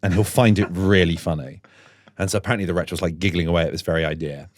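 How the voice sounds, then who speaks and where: A man's voice: sits low, fast, no room sound, studio quality. A man co-hosting a podcast in casual comedic chat. He tells stories with lots of laughter and acts out the voices of the people in them. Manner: laughs often, animated storyteller. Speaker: podcast co-host.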